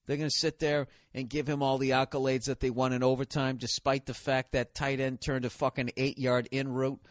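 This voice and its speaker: A man's voice: mid-range voice, flat delivery, brisk, no echo, studio quality. A man hosting a podcast, delivering a sarcastic, profane comedic rant. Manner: swears constantly, sarcastic and ranting. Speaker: podcast host.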